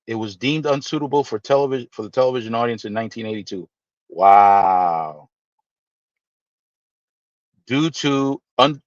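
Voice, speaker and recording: A man hosting a live stream, chatting casually with viewers and teasing them in playful, animated asides. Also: mid-range voice, normal speed, pauses often, no echo, muffled recording. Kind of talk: casual chat reading viewer comments.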